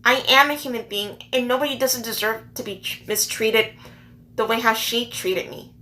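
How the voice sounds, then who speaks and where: Brief: woman vlogger, emotional rant, fighting tears, insistent repetition, fairly high and bright. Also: normal speed, slight background noise. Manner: earnest, upset, repeats herself for emphasis. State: holding back tears. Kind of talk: emotional personal rant to camera.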